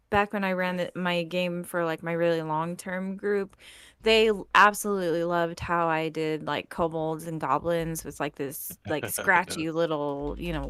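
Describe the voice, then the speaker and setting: A woman's voice: on the low side, a bit bright, clear, resonant tone, no room sound. Bubbly female voice actor, dry sound. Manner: bubbly, laughs often while telling stories. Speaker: guest voice actor. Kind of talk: casual chat.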